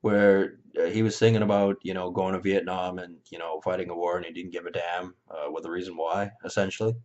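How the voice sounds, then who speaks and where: A man ranting in an angry, profane monologue, with sudden loud outbursts and mocking voices when he quotes others. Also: sits low, steady tone, fairly quick. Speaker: vlogger. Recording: dull lo-fi recording.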